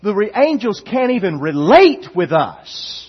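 A male pastor delivers an impassioned sermon in a high, somewhat husky voice. He takes his time and builds emphasis by repeating phrases. The recording sounds dull and lo-fi. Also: big pitch swings, measured pace.

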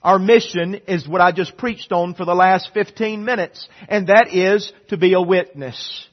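A man preaching a sermon, his voice high and a little husky. He swings from loud, emphatic declarations down to near-murmured stretches. The sound is dull and lo-fi. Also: moderate pace. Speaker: pastor.

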